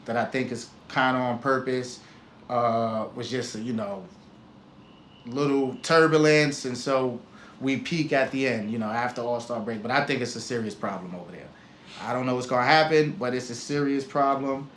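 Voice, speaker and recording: A man's voice: mid-range voice, fairly even intonation, normal speed, a bit bright, roomy sound, slight background noise. A man hosting a sports podcast, talking casually in a laid-back way with hedging fillers. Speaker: podcast host.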